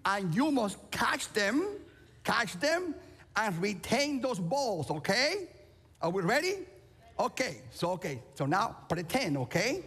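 A man from Cuba preaching a sermon, playful and animated, calling out to people in the audience. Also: sits high, takes it slowly, breathy edge, in a large hall. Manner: playful, animated, calls out to the crowd. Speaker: pastor. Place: large church auditorium.

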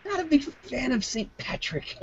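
A man's voice: extremely high pitch, sing-song, measured pace, gravelly, a little hiss or hum. Ranting profane man on a muffled call. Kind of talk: casual live chat. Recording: muffled online call audio.

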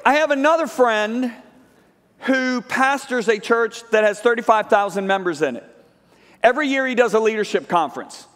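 A man's voice: very high voice, normal speed. A man preaching a sermon to a church congregation, telling a story animatedly and acting out both sides of a conversation. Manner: animated storytelling, acts out dialogue. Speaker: guest preacher. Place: large church sanctuary. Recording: live church hall reverb.

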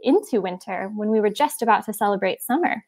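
A woman voicing a kind young girl who calms conflicts, speaking gently and reassuringly. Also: mid-range voice, fairly quick. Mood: gentle.

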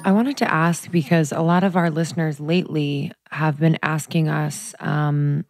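Low-voiced chatty woman podcast host. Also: steady tone, moderate pace, a little mellow, soft background music. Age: 30s. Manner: chatty, rambling, heavy use of "like". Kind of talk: casual chat.

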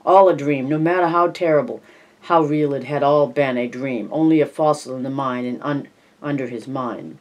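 An audiobook narrator reading a horror novel in a measured way, dropping softer for tense passages. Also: medium pitch. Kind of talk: scripted narration.

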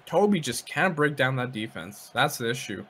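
Bright-voiced Canadian male esports caster. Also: medium pitch, normal speed, breathy edge. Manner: relaxed, agreeable, analytical about play. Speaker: esports commentator. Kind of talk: casual game commentary.

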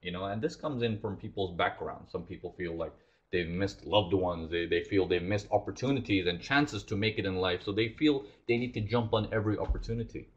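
Lively lo-fi male trading instructor. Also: deep voice, a little fast. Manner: animated, acts out traders' thoughts, asks the audience questions. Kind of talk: live trading lesson.

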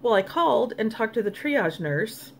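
A woman's voice: a little high, lively intonation, normal speed, vocal fry, slight background noise. A middle-aged woman talking casually to her viewers in a personal vlog, frank and exasperated, speaking straight to the camera audience. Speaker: vlogger.

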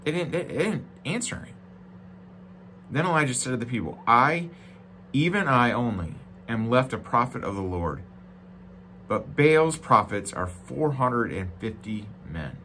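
A male pastor preaching a sermon, reading scripture aloud with joking asides, going from loud, emphatic lines to quiet, low-voiced reflection. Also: sing-song, normal speed, a little hiss or hum. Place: church.

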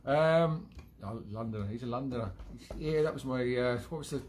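A man's voice: mid-range voice, moderate pace, a little mellow, a little hiss or hum. A Scottish man hosting a live-streamed music show from home, chatting in a rambling, digressive way with self-mocking humour. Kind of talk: rambling casual monologue.

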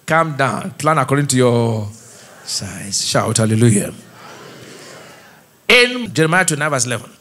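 This middle-aged Nigerian pastor's voice is medium-pitched and fairly bright, very animated, at a moderate pace broken by long pauses. He is preaching in a church auditorium, asking the congregation to fill in his words call-and-response style.

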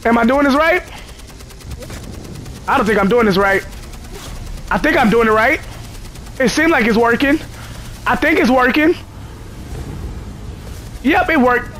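A man's voice: very high-pitched, measured pace, pauses often, a bit bright, slight background noise. A man giving casual gameplay commentary, joking and cursing as he chatters to the game characters. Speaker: gamer.

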